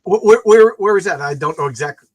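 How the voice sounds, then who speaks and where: A man's voice: sits high, quick pace, slightly rough. A man hosting a casual chat, telling an anecdote and acting out the voices of people in it. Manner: animated, acts out voices in anecdotes. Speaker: host.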